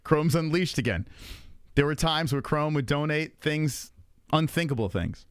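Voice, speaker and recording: A young man hosting a casual livestream, talking in an animated, profane way and laughing often. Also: on the high side, unhurried, clear, resonant tone, dry recording, studio quality. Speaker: livestream host.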